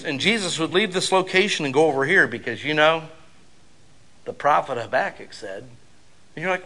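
A middle-aged male pastor delivering a sermon, telling casual stories and building up to loud, emphatic preaching. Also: a little high, expressive, normal speed.

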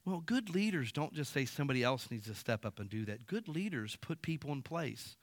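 A man in his fifties preaching a sermon in a casual, animated storytelling way, acting out quotes. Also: mid-range voice, fairly quick, dry recording. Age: 50s. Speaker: pastor. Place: church sanctuary.

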